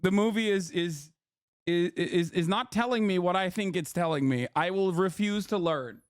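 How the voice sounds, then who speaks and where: A man streaming live, reacting with loud, mocking, animated rants. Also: sits high, normal speed, smooth, dry recording, clean studio sound.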